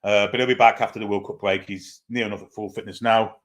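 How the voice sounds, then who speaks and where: Speaking fast with fairly even intonation, this man has a lowish voice. He's the host of a football fan watchalong, filling casual live-stream chat and pre-match talk with fillers and hesitations while reading out viewers' comments and then responding.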